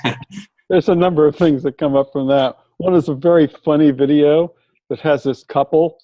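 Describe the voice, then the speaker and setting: A man speaking as a guest in a casual discussion, explaining ideas and telling anecdotes in a measured way. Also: fairly high pitch, fairly even intonation, dark tone, no echo. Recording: dull dry lo-fi audio.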